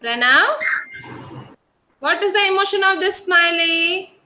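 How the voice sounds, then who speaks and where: Slow, bright-voiced Indian teacher woman. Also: very high voice, lively intonation, rough recording. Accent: Indian English. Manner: slow, coaxing, drawn-out words for young children. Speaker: kindergarten teacher. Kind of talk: online class teaching. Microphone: video call.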